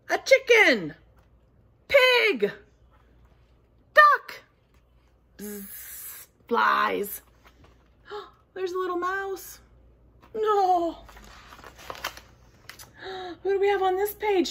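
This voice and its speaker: Very high, bright-voiced storytime reader. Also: female voice. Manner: animated, gasping, drawn-out sing-song calls for children to join in. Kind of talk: reading a picture book aloud to toddlers.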